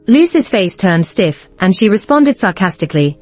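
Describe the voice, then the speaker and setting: A woman's voice: medium pitch, very animated, moderate pace, few pauses, no echo, faint music behind. A woman narrating a first-person romance story in a cool, matter-of-fact way.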